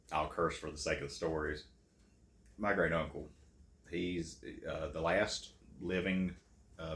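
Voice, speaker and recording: A man's voice: extremely low pitch, fairly bright tone, slight background noise. A man from telling hunting stories in a casual, folksy way, laughing easily. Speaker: channel host and storyteller. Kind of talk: casual storytelling. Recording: echoey room.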